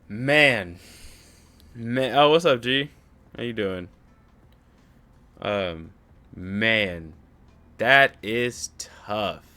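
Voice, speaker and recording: A man's voice: lowish voice, drawn-out words, long pauses, sharp tone. A man giving casual, laid-back reaction commentary with a mocking edge.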